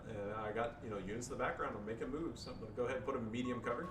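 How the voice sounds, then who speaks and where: A man's voice: medium pitch, rapid-fire. Male gamer casually narrating his match, loose and jokey, mid-range voice; roomy home recording from off-mic. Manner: joking, loose, swears, fillers like "you know". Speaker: gamer commentating own match. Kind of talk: casual gameplay commentary. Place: home room with family around. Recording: echoey room, far-off mic, background noise.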